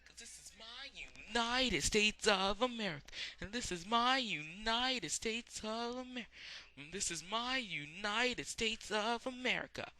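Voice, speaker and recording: A man's voice: mid-range voice, very animated, quick pace, bright, forceful tone, breathy edge, heavily acted. A man doing a boastful young American duelist in a raised, sing-song chanting voice.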